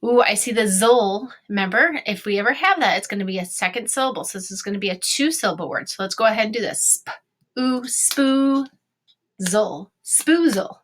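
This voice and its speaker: A woman teacher giving an online phonics lesson to young children, sounding out words slowly and cheering them on. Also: mid-range voice, expressive, fairly bright tone.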